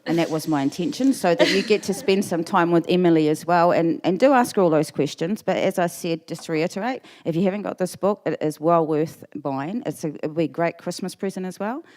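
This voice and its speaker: Woman host, lowish voice, echo of a large hall, closing out a live talk. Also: brisk, few pauses, a little mellow. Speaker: festival session host.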